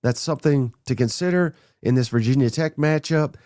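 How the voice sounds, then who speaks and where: A man hosting a sports podcast, talking bluntly and excitedly through a list of names, a little under the weather. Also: mid-range voice, fairly quick, no echo, clean studio sound. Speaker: podcast host. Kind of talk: casual sports talk monologue.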